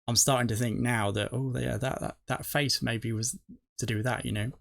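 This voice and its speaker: A man's voice: medium pitch, steady tone, normal speed, gravelly. A middle-aged man, rambling through his theories on a reaction video and correcting himself as he goes. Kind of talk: casual rambling commentary.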